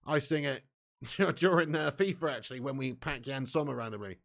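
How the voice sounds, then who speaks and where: A young man hosting a live football watch-along, bantering with his chat and swearing freely, getting loud when a chance comes. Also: medium pitch, a little fast, creaky.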